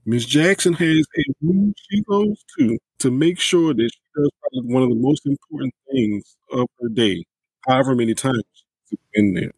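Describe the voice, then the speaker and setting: A man hosts a podcast interview in a husky voice, recorded dry and close. He muses reflectively and turns to address his listeners directly. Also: medium pitch, normal speed, a little mellow, no room sound, low-quality recording. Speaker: podcast host. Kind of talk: interview hosting.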